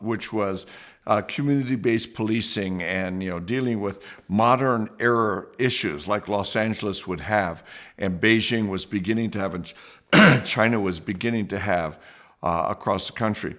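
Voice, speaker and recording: A man hosting a podcast, telling a personal story in a lively way, with restarts and acted-out quotes. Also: on the low side, normal speed.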